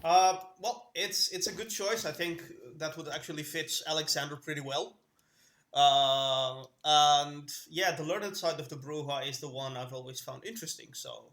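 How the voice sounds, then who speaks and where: A man's voice: fairly high pitch, moderate pace, a bit bright, reverberant. A man playing his character in a tabletop game, talking earnestly with many restarts. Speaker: player. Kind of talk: in-character tabletop role-play.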